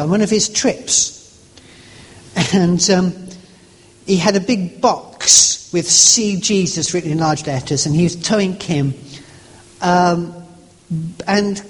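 A man preaching a sermon, telling stories in a conversational way with stumbles and asides to the congregation. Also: high voice. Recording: long reverb of a large hall.

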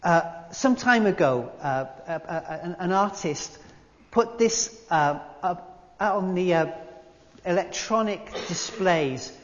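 Preacher, echoey hall. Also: male voice, high-pitched, animated, slow, highs cut off. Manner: conversational, gently humorous. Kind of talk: sermon.

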